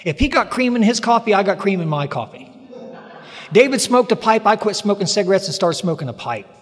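A man's voice: high-pitched, sing-song, a little fast. A man telling a humorous, plainspoken story about his recovery in a meeting hall. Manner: plainspoken, humorous, emphatic retelling. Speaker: speaker sharing recovery story. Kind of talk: folksy storytelling talk. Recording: long hall reverb.

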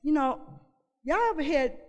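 A woman's voice: high-pitched, lively intonation, normal speed. A woman telling her personal story to an audience in a candid, conversational way, often repeating and restarting phrases. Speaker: speaker sharing her recovery story. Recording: long reverb of a large hall.

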